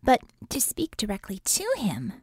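A wary young woman, questioning and flat-toned, with a breathy, mellow timbre, as a woman reads her in an audiobook. The sound is dry and close-miked. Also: mid-range voice, normal speed, no echo, full character voice. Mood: puzzled. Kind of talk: audiobook reading.

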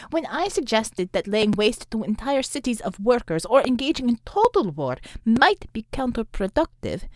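A woman voicing a stern, cold female commissar who speaks in a clipped, flat way through clenched teeth. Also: on the high side, dry recording, studio quality. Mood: cold anger.

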